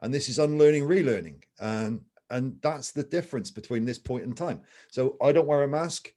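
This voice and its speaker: A man's voice: mid-range voice, normal speed, mellow. A man co-hosting a casual chat, thinking aloud and arguing his point with casual swearing. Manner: musing, argumentative, swears casually. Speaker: podcast co-host.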